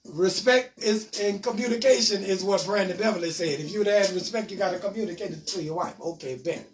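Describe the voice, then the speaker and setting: Man, comedian host, high-pitched, joking, live-stream chat, music underneath. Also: brisk, far from the mic. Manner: loose, joking, talks back to commenters. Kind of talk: live-stream commentary reading viewer comments.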